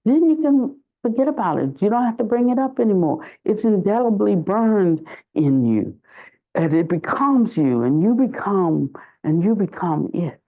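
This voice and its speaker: An older woman giving a dharma talk as a Buddhist teacher, reflective and searching for words, and lively when she tells a story. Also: mid-range voice, normal speed. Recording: dull lo-fi recording.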